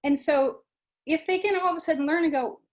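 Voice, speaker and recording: Woman talking mindfulness, fairly high voice. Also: fairly quick. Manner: conversational, acts out students' inner voices. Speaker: study abroad program director. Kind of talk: informal talk on mindfulness.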